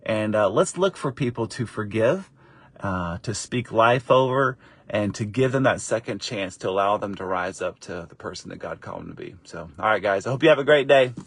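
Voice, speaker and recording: Animated storytelling dad, dry sound. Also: male voice, normal speed, gravelly, breathy edge, dry recording. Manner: animated, acts out quoted voices with high pitch jumps; encouraging, faith-based wrap-up. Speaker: father and faith vlogger. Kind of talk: casual storytelling to camera.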